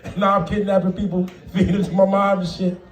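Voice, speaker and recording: High-voiced man doing stand-up, echoey room. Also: little pitch movement, fast talker, recorded from a distance. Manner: profane, laughing, acts out quoted voices. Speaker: stand-up comedian. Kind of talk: stand-up comedy set. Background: audience laughter.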